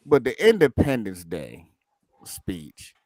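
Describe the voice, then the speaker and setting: A man's voice: medium pitch, wildly swooping pitch, takes it slowly, a little mellow, no echo. A man appearing as a guest on a podcast, chatting casually and joking as he counts down his list on a new microphone.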